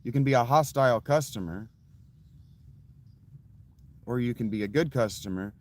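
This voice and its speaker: A late-thirties vlogger with a mid-range voice at normal speed shares a story with his audience, blunt and profane throughout and laughing at his own anecdotes.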